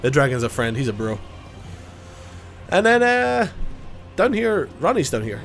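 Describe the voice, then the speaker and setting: A man's voice: a little high, very animated, unhurried, gravelly, a bit bright, faint music behind. A man with a cold, giving casual, joking gameplay commentary, self-mocking and swearing now and then. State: has a cold. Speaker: gaming YouTuber.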